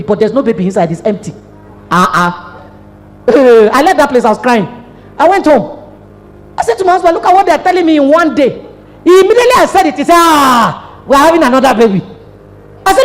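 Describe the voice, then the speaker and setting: A middle-aged Nigerian woman pastor preaching a sermon, telling a story and acting out the dialogue. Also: high-pitched. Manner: animated storytelling with acted-out dialogue. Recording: long hall reverb.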